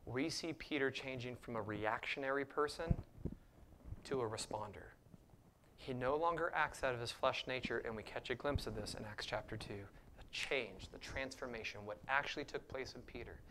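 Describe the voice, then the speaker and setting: A man preaching with passion at a middle pitch, his voice rising into emphatic bursts and then dropping to hushed asides. Now and then he slips in a dry, sarcastic jab. A faint background hum sits beneath him. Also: moderate pace. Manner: sarcastic mock voices for points. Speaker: pastor. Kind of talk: sermon.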